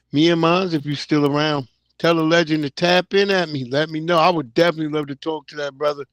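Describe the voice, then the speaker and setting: This livestream host is a man in his thirties or forties from Long Island, New York, who talks loosely and drops lots of slang while reacting to comments in the chat. His voice is fairly high-pitched, and the recording is dry.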